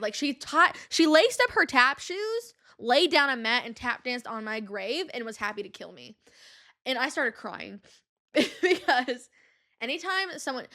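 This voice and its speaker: Brief: young woman podcast host, bright, forceful tone, slightly high, chatty and slangy. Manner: animated, slangy, with lots of fillers. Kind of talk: casual storytelling monologue.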